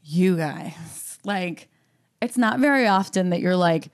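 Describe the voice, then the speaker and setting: A woman's voice: on the low side, animated, slow pace. A young woman doing a stand-up comedy set on a podcast, telling a story with a lot of laughter and voiced asides.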